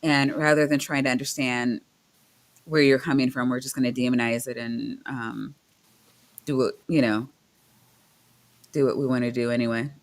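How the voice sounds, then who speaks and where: Adult guest, casual chat, rambling, fillers and restarts, casual swearing, mid pitch. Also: fairly even intonation, normal speed, long pauses. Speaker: guest on a debunking show.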